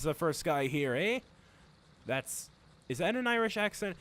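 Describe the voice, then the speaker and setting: High-voiced joking game commentator man. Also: very animated, normal speed, fairly bright tone, a little hiss or hum. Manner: jokey, self-mocking, playful asides. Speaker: host. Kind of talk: rambling gameplay commentary.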